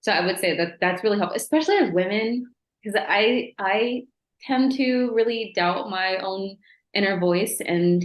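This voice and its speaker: Woman, podcast guest, casual interview chat, earnest, reflective, laughs often, low voice, echoey room. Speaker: podcast guest, former client. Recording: roomy echo.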